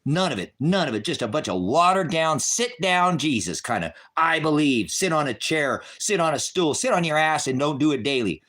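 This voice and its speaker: A middle-aged man ranting to his viewers, cursing heavily and swinging between shouted outbursts and low bitter muttering. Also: very animated, moderate pace, hardly any pauses. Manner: heavy cursing, bitter and raging. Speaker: online ministry broadcaster. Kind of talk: angry unscripted rant to viewers.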